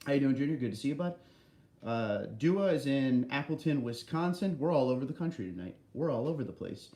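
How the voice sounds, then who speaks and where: A man's voice: mid-range voice, a little fast. Guy from new jersey hosting a livestream, reads chat, friendly, echoey room. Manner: friendly, greets viewers by name, relaxed banter. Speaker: livestream host reading viewer chat. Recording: roomy echo.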